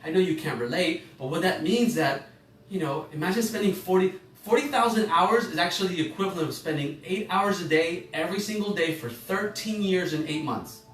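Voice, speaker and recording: A man's voice: high-pitched, lively intonation, brisk, fairly bright tone, a little hiss or hum. A man teaching an online emotional intelligence class, talking informally, rambling and correcting himself as he puts questions to the listeners. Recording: echoey room, a bit far from the mic, faint music.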